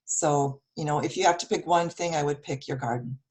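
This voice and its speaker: A hoarse woman from Wisconsin giving earnest wellness advice with many fillers, speaking over a video call. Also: low voice, brisk, a little mellow. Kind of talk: casual online meetup talk. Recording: video call audio with dropouts.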